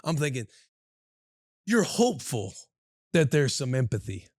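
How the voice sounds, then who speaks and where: A man in his thirties tells a long story on a podcast with animated, slangy energy. His voice sits mid-range and sounds close and dry, with no room around it. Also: medium pitch, a little slow, no echo. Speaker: podcast co-host. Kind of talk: casual chat.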